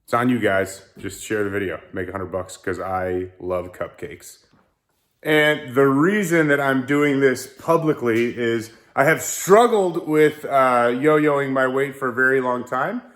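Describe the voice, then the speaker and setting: At a measured pace, a young man with a medium-pitched, fairly bright voice vlogs from his garage about his car build. He talks to his phone in a rambling, joking way, often mocking himself.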